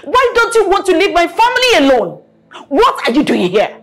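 A woman's voice: very high voice, huge pitch swings, moderate pace, exaggerated voice. An actress playing a proud, angry wealthy mother who scolds with a Nigerian accent, often repeating herself. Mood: scolding. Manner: scolding, repeats herself, long dragged words. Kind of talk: Nollywood film acting.

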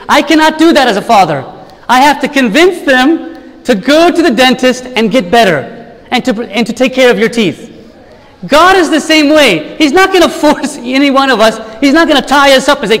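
A priest preaching an earnest sermon in a church, with rhetorical questions and repeated lists. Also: male voice, very high voice, expressive, moderate pace, fairly bright tone, long reverb tail, low-quality recording.

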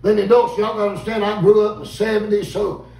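Man in his fifties, revival preacher, high voice, echoey church from a distance. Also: fast talker, a crowd in the background. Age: 50s. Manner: folksy, animated, calls out to congregation. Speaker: visiting preacher. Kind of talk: revival sermon storytelling. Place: church sanctuary.

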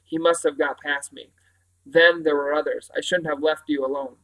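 A man reading a storybook aloud, voicing a calm, commanding old great-uncle who speaks low and urgently. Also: moderate pace, low-quality recording.

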